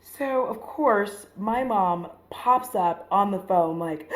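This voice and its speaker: A woman's voice: medium pitch, slow. Woman vlogger, casual storytelling, cussing, roomy room sound. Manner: chatty, swears freely, acts out quoted voices; frequent filler "like". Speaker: beauty vlogger. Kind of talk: casual storytelling while getting ready. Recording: roomy echo.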